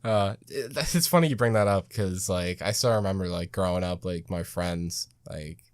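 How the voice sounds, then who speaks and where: A man's voice: low voice, normal speed, no room sound, studio quality. A young man co-hosting a podcast, chatting casually and loosely with lots of filler words. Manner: laid-back, lots of "like" fillers. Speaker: podcast co-host.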